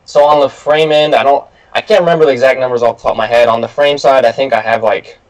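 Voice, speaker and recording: A man's voice: mid-range voice, steady tone, quick pace, low-quality recording. Male guest, plain-spoken, hesitant explainer. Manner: hesitant, explains with many uhs. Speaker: guest truck builder. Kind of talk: casual chat.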